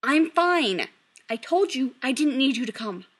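A woman voicing a flustered, exasperated young man who gets shrill and impatient. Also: expressive, measured pace.

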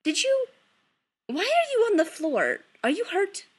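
A woman's voice: very high voice, wildly swooping pitch, measured pace, pitched above the performer's own voice, full character voice. A woman voicing a bubbly, doting middle-aged witch mother who chatters sweetly. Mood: chattering.

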